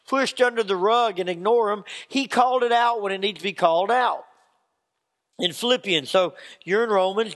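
High-voiced pastor in a reverberant hall. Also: male voice, a bit bright. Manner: folksy storytelling, acts out quotes. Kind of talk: sermon. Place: church sanctuary. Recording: long reverb of a church hall.

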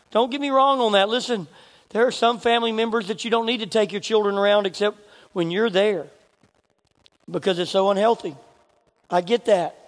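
High-voiced pastor preaching. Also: male voice. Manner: storytelling, animated, chuckling asides. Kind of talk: sermon. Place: church sanctuary. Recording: long reverb of a church hall.

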